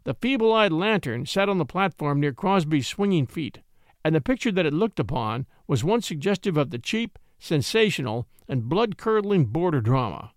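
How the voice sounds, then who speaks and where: Male storyteller, fairly high voice, expressive reading, dry studio sound. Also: normal speed, no echo. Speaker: narrator. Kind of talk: scripted storybook narration.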